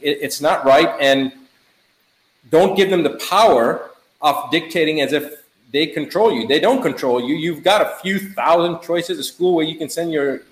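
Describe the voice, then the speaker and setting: Middle-aged male doctor guest, emphatic and animated, casual, roomy echo. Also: on the high side, moderate pace. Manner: animated, emphatic, repeats words in lists. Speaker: physician guest. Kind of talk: casual chat.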